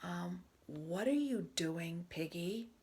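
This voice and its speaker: Storybook role: woman doing a jittery elephant, loud, wide pitch swings, fretful. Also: animated, slow pace, slightly rough, heavily acted. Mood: puzzled. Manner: loud worried exclaiming. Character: anxious elephant, fretful and earnest.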